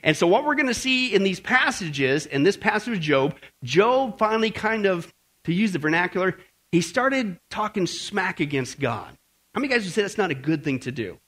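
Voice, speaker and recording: A Bible teacher with a fairly high, husky, fairly bright voice gives a sermon-style lesson to a group, his pitch swinging widely. Very animated and speaking at a normal pace, he often checks in with "okay?" and "right?". His casual, conversational preaching is full of slang and jokes.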